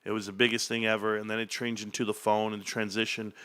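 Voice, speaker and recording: A man hosting an investing chat, telling a store story with lively acted-out dialogue. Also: on the low side, fast talker, clean tone. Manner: animated storyteller acting out shop dialogue. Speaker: stock channel host.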